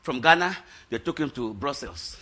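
This is a middle-aged pastor preaching an animated testimony sermon at a moderate pace. He shouts when he hits the high points and laughs between his lines.

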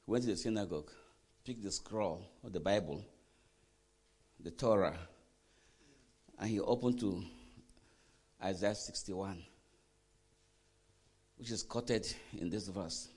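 A man preaching a sermon, quizzing the congregation with questions and swinging from quiet asides to loud emphatic bursts. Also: low voice, slow pace, long pauses, slightly rough. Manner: animated preaching, call-and-response questions to the congregation. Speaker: pastor.

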